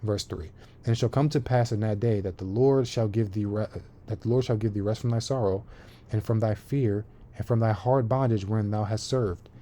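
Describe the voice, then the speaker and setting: A man's voice: on the low side, steady tone, normal speed, mellow. A man teaching scripture online, reading verses aloud and often checking in with "right?" while restarting his phrases. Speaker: bible teacher.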